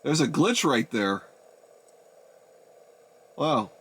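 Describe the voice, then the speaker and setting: A young man in his twenties talks his viewers through a gadget test in loose, rambling commentary. He sounds exasperated and keeps calling his audience "ladies and gentlemen." His voice sits at an ordinary middle pitch for a man. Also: sing-song, drawn-out words, breathy edge. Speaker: YouTuber reviewing a DVD player. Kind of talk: casual rambling video commentary.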